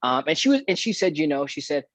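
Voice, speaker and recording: A man's voice: fairly high pitch, very animated, quick pace, fairly bright tone, dry recording. A man who is a guest actor, telling a story in a casual podcast chat and acting out the dialogue he remembers. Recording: dull, dry lo-fi audio.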